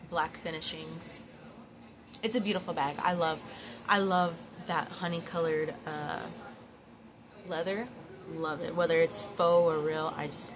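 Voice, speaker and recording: Rambling woman gushing over purses. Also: lowish voice. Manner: rambling, many fillers and repeats; gushing, admiring. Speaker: vlogger. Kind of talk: casual chat. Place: home, near closet. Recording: noisy background.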